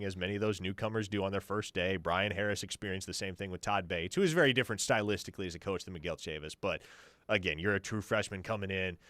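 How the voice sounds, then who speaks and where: Low-voiced confident sports radio host. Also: male voice, bright, forceful tone, no echo. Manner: confident, reads listener questions and answers them. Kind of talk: sports talk radio analysis. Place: radio studio.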